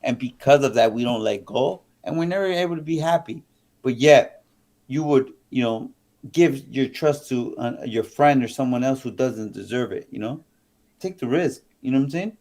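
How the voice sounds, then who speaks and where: Man, former kingpin, guest on a live stream, animated rambling storyteller, swears often, mid-pitched. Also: moderate pace. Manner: animated, rambling, with frequent restarts and profanity.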